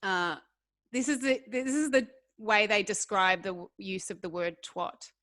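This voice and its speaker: A woman's voice: medium pitch, measured pace, fairly bright tone, no echo, studio quality. A woman co-hosting a podcast, chatting casually, laughing often and swearing freely. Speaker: podcast co-host. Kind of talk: casual chat.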